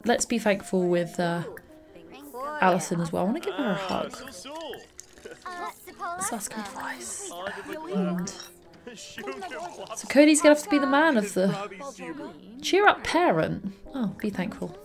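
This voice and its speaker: A woman's voice: medium pitch, animated, moderate pace, pauses often, music in the background. A young woman hosting a let's play, chatting and reacting aloud to the game with frequent little laughs. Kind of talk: gameplay commentary.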